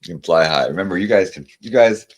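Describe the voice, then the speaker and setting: A man giving tarot card readings in a casual livestream chat with viewers, rambling and stammering through restarts, and reading card messages aloud slowly. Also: sits low, expressive. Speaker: tarot reader.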